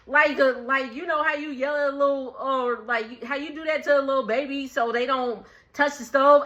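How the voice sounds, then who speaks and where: A woman recapping a reality show in a casual, animated way, laughing often and acting out what people said. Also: sits high, normal speed, lo-fi sound. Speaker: recap vlogger.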